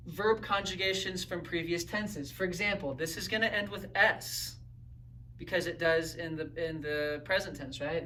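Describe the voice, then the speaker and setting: A man's voice: sits high, a bit bright, distant mic, a little hiss or hum. A man teaching a recorded grammar lesson in an upbeat, coaching way, often checking in with "right?" and "okay?". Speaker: Spanish teacher.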